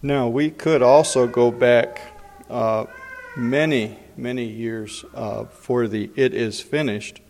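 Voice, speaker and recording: A man giving Bible teaching in an unhurried way, pausing often with fillers. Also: medium pitch, fairly even intonation, gravelly, a little mellow, slight background noise. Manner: unhurried, frequent pauses and fillers. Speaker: preacher. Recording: long hall reverb.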